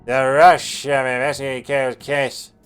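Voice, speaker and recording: A man's voice: medium pitch, flat delivery, normal speed, clear, resonant tone, soft background music, lightly acted. A man voicing a drunk, brash female reporter, reading game dialogue aloud in a slurred put-on drunk voice. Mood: grumbling drunk.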